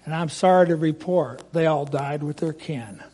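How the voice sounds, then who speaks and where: A man's voice: fairly high pitch, moderate pace, mellow, close to an everyday voice. A man voicing messengers who bring grim news in rhymed lines.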